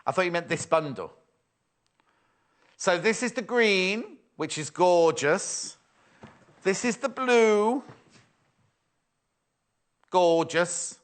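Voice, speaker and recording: Lively, animated male TV presenter. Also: sits high, slow, pauses often. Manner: playful, chatty, reads viewer messages aloud. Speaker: shopping channel presenter. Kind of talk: live sewing TV chat. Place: TV studio.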